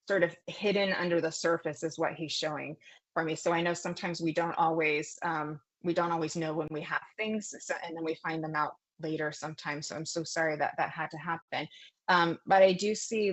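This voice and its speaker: A woman giving a psychic reading, talking in a gentle, consoling way, rambling and apologising with many fillers and restarts. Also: lowish voice. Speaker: psychic medium. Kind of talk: live online psychic reading.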